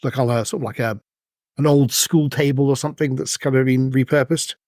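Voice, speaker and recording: A man's voice: medium pitch, fairly even intonation, brisk, a little mellow, dry recording. Male game master, mid voice, dry close mic, rambling casual narration. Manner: rambling, filler-heavy description.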